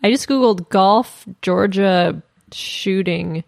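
A woman's voice: mid-range voice, slow pace, vocal fry, dry recording, clean studio sound. A woman hosting a show, chatting casually and reacting with short interjections. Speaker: host. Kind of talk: casual chat.

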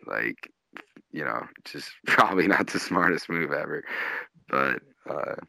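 Laid-back male comic, low voice with a bright edge, casual cursing storyteller, dry sound. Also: lively intonation, moderate pace, creaky, dry recording. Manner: laid-back, swears often, laughs through stories. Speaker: guest comedian and tour manager.

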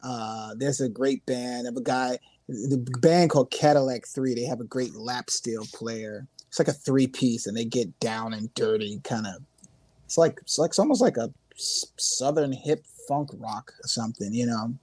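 A man from Newark, New Jersey, as a guest musician telling loose, animated stories with street slang in a casual interview. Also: mid-range voice, moderate pace, no echo.

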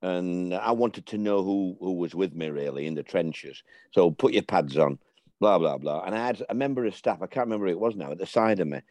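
A middle-aged man recalls old times in a loose, rambling way, often stopping and starting again. His voice sits fairly low. The sound is close and dry, with no room around it. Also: animated, a little fast, darkish tone, no room sound. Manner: rambling, stops and restarts. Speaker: interview guest. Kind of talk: casual storytelling.

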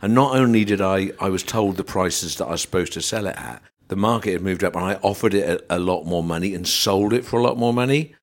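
Casting: middle-aged English man, low voice, animated podcast storyteller. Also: quick pace, few pauses. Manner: animated anecdotes, acts out voices. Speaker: podcast guest. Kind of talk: casual storytelling chat.

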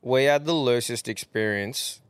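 A young Australian man co-hosting a podcast, telling stories in a sweary, animated way. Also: medium pitch, measured pace, clean tone, dry recording. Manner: sweary, animated yarn-spinner. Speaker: podcast co-host. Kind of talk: casual chat, storytelling.

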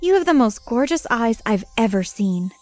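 A woman's voice: fairly high pitch, big pitch swings, moderate pace, a little mellow. A woman voicing a sweet young girlfriend with a sinister side, speaking in a lilting, playful way over music. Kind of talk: storytelling. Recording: music behind.

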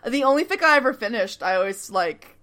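A woman's voice: fairly high pitch, expressive, a little fast, sharp tone. A woman co-hosting a podcast in casual chat, rambling, swearing and laughing often. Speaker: podcast co-host.

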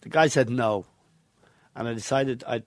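A man's voice: mid-range voice, moderate pace, dry recording. An older Irish man, a guest in an interview, telling anecdotes from his football past with chuckles between stories. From Ireland. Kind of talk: reminiscing interview.

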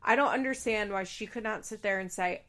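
A woman's voice: medium pitch, a little fast, fairly bright tone. A young woman giving a casual, opinionated recap of a reality show, blunt and exasperated, swearing freely.

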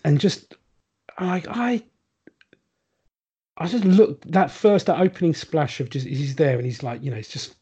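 A man's voice: a little high, measured pace, pauses often, mellow, breathy edge, highs cut off. A man chatting casually on a podcast, rambling with lots of ums and restarts. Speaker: podcast guest. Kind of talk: casual chat.

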